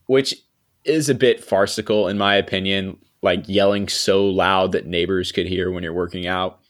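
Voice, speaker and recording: A young man hosting a podcast, recapping a TV episode in a relaxed, chatty way, often laughing and trailing off quietly. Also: sits low. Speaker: podcast host. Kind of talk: casual chat recapping a TV episode.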